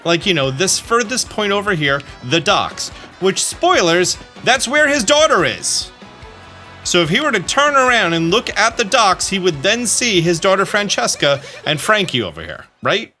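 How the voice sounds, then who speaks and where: A man's voice: high-pitched, very animated, normal speed, bright, forceful tone, soft background music. A young man giving joking, rambling gameplay commentary as a let's play host.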